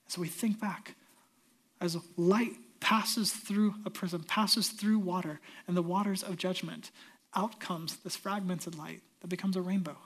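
A middle-aged male pastor preaching a sermon, swinging from loud emphatic peaks down to hushed near-whispers. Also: high-pitched, fairly even intonation, unhurried.

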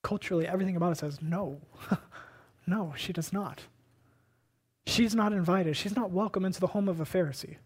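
A pastor preaching a sermon, emphatic, posing rhetorical questions and moving between hushed lines and loud ones. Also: mid-range voice, fast, husky. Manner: asks and answers rhetorical questions.

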